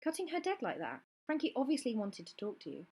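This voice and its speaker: A woman voicing a calm, firm, protective mother in a storybook reading. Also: on the high side, quick pace, breathy edge, pitched above the performer's own voice, heavily acted.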